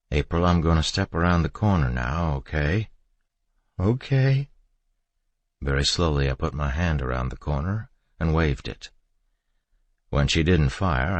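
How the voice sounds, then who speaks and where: A man narrating a first-person horror audiobook in a steady, measured reading. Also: extremely low pitch, no echo.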